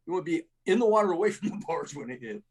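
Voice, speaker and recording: Middle-aged man, army veteran, casual storytelling, profane, rambling, slightly high voice. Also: rapid-fire. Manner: rambling, profane, many restarts and "man", "right?".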